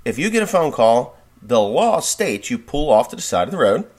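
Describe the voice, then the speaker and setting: A man's voice: mid-range voice, sing-song, normal speed, a little mellow, slightly rough. A man from New Jersey hosting a farm podcast, telling a rambling story in a casual monologue.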